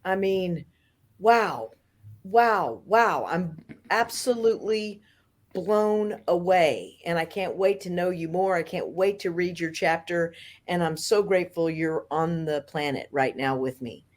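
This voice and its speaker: A woman author responding with heartfelt awe and gratitude over a video call. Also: fairly low pitch. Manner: awed, heartfelt, slow. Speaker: author guest.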